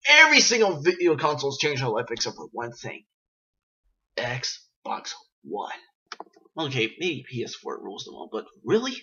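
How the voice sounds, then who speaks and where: A man rambling excitedly while reviewing video games in a casual vlog, in a dull, lo-fi recording. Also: fairly high pitch. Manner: rambling, excitable, frequent restarts.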